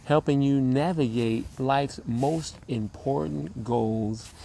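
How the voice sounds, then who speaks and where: A man co-hosting a relationship talk show, speaking in a measured, preacher-like cadence with long pauses. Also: mid-range voice, vocal fry, warm tone, slight background noise. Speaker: co-host, relationship coach. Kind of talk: slow motivational talk.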